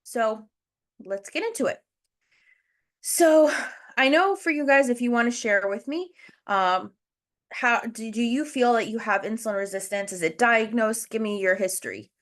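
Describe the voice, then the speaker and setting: A woman's voice: fairly high pitch, normal speed, a bit bright. A woman hosting a casual educational livestream, out of breath, explaining things step by step and talking to her viewers in the chat over a video call. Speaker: host.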